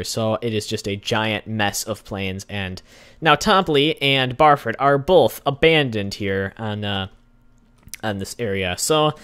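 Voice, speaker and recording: A man's voice: fairly low pitch, normal speed, a bit bright, clear, resonant tone, no room sound. A young man hosting a gaming channel, giving casual gameplay commentary, chatting to the characters on screen and getting easily exasperated.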